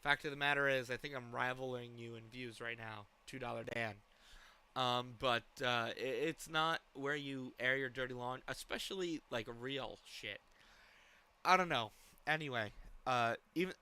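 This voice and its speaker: A man's voice: medium pitch, normal speed, pushed and bright, clear, resonant tone. A man hosting a live stream, reacting to a clip with rambling, profane commentary. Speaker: streamer host.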